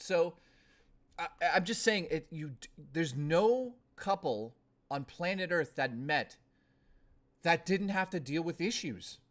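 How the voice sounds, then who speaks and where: A young man talks to his stream in a blunt, rambling way, cursing freely and circling back on himself. His voice sits a little higher than most men's. He keeps it casual and direct, like off-the-cuff chat. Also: lively intonation, takes it slowly, a bit bright. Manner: blunt, profane, ranting and rambling. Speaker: live streamer.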